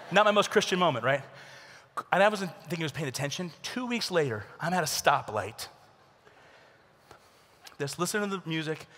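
High bright-voiced guy telling funny stories to a youth crowd, gravelly edge, big echoey arena. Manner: animated storytelling, acts out voices with shouts and whispers. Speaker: youth conference speaker. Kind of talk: humorous youth talk. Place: large conference arena. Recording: large hall with long reverb.

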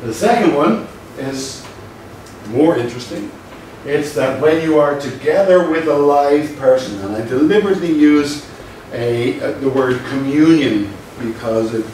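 Man, lecturer, measured explanation, distant mic, very echoey room, faint background noise. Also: mid-range voice, a little mellow. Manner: measured and explanatory, stressing key points. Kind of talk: university lecture.

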